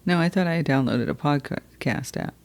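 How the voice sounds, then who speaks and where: A man hosting a podcast, chatting casually and tossing in quick joking asides. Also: on the high side, smooth, no echo. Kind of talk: casual chat.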